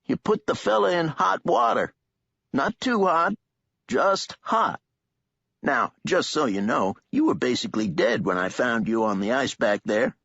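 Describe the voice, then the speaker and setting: A man's voice: medium pitch, animated, measured pace, vocal fry, fairly bright tone, husky, dry recording, pitched above the performer's own voice, full character voice. A man putting on a chatty folksy old man. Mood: reassuring. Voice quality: folksy, drawling and sing-song. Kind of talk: audiobook character voice. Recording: dull lo-fi dry recording.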